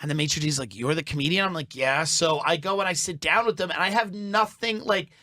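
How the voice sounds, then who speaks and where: A man's voice: fairly high pitch, brisk, bright, forceful tone. A man, a comedian, telling rambling stories in a casual podcast chat and acting out the people he quotes. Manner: rambling storyteller, acts out quotes. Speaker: comedian guest.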